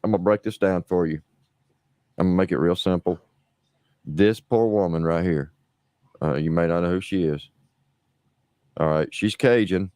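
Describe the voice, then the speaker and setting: A man's voice: deep voice, moderate pace, pauses often, mellow, no room sound, studio quality. A middle-aged man from New Orleans, hosting a livestream and riffing in a crude, rambling, sarcastic way. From New Orleans, USA. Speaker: livestream host. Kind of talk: casual mocking livestream commentary.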